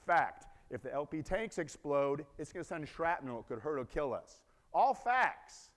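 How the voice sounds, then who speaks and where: A man's voice: on the high side, normal speed. A man giving a conference keynote, telling a story animatedly, acting out the scenes and asking the audience questions. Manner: animated, acts out scenes, asks the crowd questions. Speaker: conference speaker. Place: large conference hall. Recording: long reverb in a large hall.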